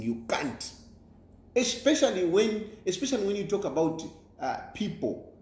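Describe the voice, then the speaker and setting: A Zambian politician delivers a forceful, preaching monologue, repeating his points and stumbling through fillers. His fairly high voice swings up and down a lot, and the room around him rings with echo. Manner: emphatic, repetitive, preaching tone with many fillers.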